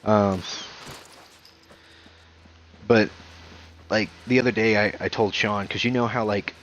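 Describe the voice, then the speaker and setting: Very low-voiced man from the American South, rambling casual chat, lots of filler words. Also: steady tone, slow, a bit bright, muffled recording, slight background noise. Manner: rambling, full of "like" and restarts. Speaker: gamer on a live stream. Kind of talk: casual chat while gaming.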